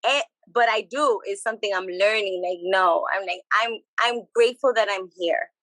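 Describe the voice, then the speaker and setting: Lively bilingual woman, bright voice. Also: mid-range voice, normal speed, no echo, poor audio. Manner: animated, switches between English and Spanish, repeats phrases. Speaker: podcast guest. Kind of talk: casual chat.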